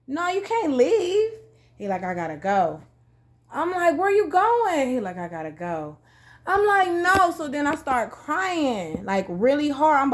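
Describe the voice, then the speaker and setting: A woman casually telling a story to her viewers, full of "like" and slang, acting out the quoted lines in a jumpy, lively way. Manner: animated, acts out quoted dialogue with big pitch jumps; heavy filler "like", loose slangy phrasing. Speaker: vlogger.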